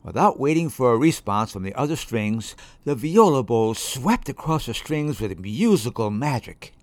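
A man reading a children's story aloud in an expressive way. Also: mid-range voice, moderate pace, no room sound. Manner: expressive, shifting voices.

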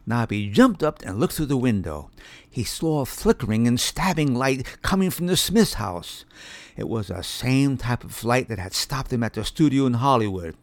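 Brief: male audiobook narrator, lively expressive reading, dry close sound. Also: mid-range voice, moderate pace, no echo.

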